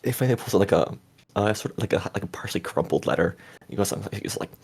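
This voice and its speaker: A man's voice: on the low side, expressive, quick pace, vocal fry, breathy edge. A man playing a tabletop role-playing game, narrating his character's actions in a rambling way, with lots of fillers and restarts. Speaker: player.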